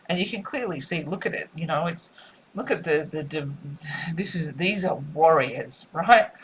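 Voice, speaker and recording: A woman's voice: sits low, a little hiss or hum, low-quality recording. A woman giving a spiritual tarot reading, musing and repetitive in a soothing way. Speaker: tarot reader.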